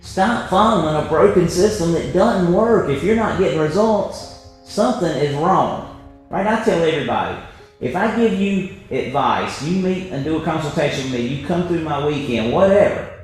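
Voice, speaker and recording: A man's voice: a little high, lively intonation, normal speed. Emphatic male health presenter, echoey room. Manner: emphatic storyteller, tags points with "right?". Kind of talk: motivational health talk. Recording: very echoey room, faint music.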